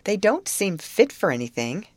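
A woman voicing a timid, gentle young girl who speaks in a soft, wondering way. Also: mid-range voice, very animated, normal speed, no echo, voice pushed up, close to an everyday voice.

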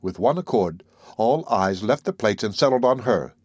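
A man giving a measured, even literary narration of a classic novel as an audiobook reader. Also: lowish voice, no echo, studio quality.

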